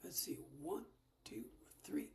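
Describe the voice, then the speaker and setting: A woman leading a casual ukulele lesson, explaining chords in a soft, half-whispered way. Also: slow. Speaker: ukulele teacher. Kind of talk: casual music lesson with singing.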